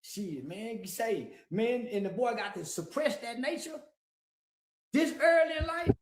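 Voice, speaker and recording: A man's voice: extremely high pitch, animated, measured pace, echoey room, low-quality recording. A man giving casual, blunt, profane street commentary, full of slang and repeated "yeah". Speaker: guest commentator.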